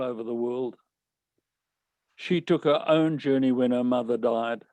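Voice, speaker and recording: A man's voice: medium pitch, unhurried, pauses often, warm tone, dry recording. Earnest older man telling his story. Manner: earnest, emotional storyteller who retells conversations. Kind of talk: personal storytelling talk.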